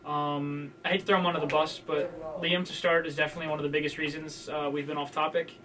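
A teenage high school student being interviewed in class, with a hesitant way of talking full of fillers. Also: male voice, flat delivery, fast, crowd noise. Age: late teens. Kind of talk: casual interview.

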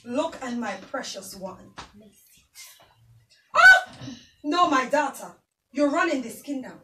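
A woman with a Jamaican accent plays a volatile, domineering queen, shouting orders and weeping in theatrical bursts. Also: high voice, sing-song, slow pace, very noisy, heavily acted. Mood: tender commanding. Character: volatile, domineering queen who is also a mother. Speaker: home-video actor. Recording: echoey room, far from the camera.

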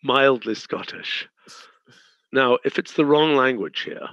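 Gravelly guy running a design meeting, direct and decisive, kinda dull muffled sound. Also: mid-range voice, lively intonation, slow, fairly bright tone, no room sound. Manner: thinks aloud, direct and decisive. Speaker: company head leading a design meeting. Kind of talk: live working meeting.

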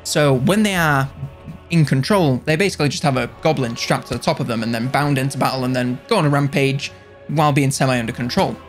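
A man's voice: mid-range voice, a little fast, faint music behind. A man giving casual, jokey video game commentary, rambling and correcting himself along the way.

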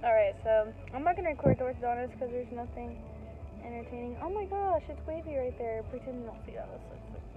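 A woman's voice: a little high, quick pace, narrow, tinny audio, over music. A female vlogger in casual, chatty talk, giggling often and restarting her sentences. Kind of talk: casual vlog chat.

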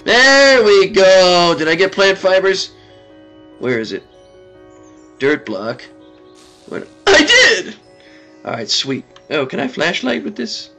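Excitable high-pitched man playing a game. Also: unhurried, gravelly, long pauses, faint music behind. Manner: excitable, talks to the game, frequent laughs and exclamations. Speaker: gaming video host. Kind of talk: let's play commentary.

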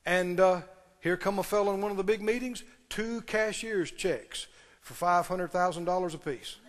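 A man delivers a sermon in a notably high voice, pressing his points by repeating them and asking the congregation direct questions. His voice rings with the long reverb of a large meeting hall. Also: moderate pace. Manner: emphatic, repeating key phrases and questioning the audience. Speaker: pastor.

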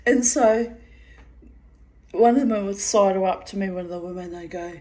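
A woman's voice: medium pitch, normal speed, warm tone. A woman telling a personal story in a casual way, laughing often and swearing freely.

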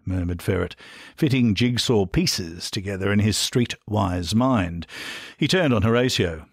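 A man with an Australian accent reading an audiobook in a dry, deadpan storytelling manner. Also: on the low side, unhurried, husky, no echo. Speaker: audiobook narrator. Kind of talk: audiobook narration.

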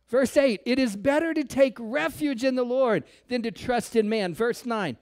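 A male pastor preaching a sermon to his church, firing rhetorical questions and swinging between loud calls and near-whispers. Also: very high-pitched, slow.

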